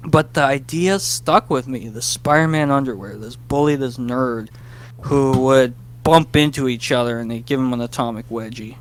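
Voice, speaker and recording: A man, a guest writer, telling a casual interview story, animated and self-deprecating about his nerves. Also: mid-range voice, slight background noise. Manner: animated, acts out his past self in quick bursts.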